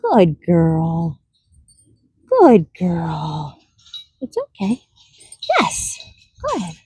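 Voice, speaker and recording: A woman's voice: on the low side, wildly swooping pitch, very slow, dark tone, husky, dry recording. A woman training a donkey outdoors, talking to it in a soothing, coaxing way that often drops to a whisper, with asides to the viewer. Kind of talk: coaching an animal with asides to camera.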